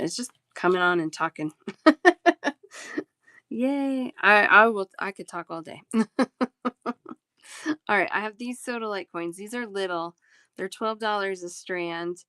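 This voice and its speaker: A woman's voice: mid-range voice, fairly bright tone, no room sound. A woman in her thirties, a talkative and giggly live-stream bead seller chatting casually with her viewers.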